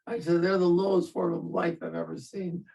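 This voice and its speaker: A man's voice: high voice, little pitch movement, normal speed, creaky, mellow, recorded from a distance, poor audio. An older man, a veteran, telling his story in an interview in a wry, self-mocking way and laughing at himself.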